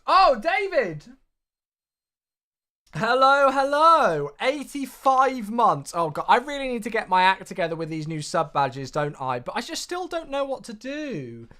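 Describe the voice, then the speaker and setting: An upbeat man, chatting casually on a livestream from home. His pitch and volume swing widely as he welcomes viewers by name, friendly and talkative. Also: big pitch swings, normal speed, few pauses, fairly bright tone, smooth. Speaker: flight sim livestreamer.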